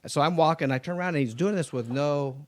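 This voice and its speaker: A man's voice: a little high, fast. A man, a race car driver, telling stories in a casual studio chat and acting out the people he quotes. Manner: animated, acts out quoted voices. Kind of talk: casual storytelling.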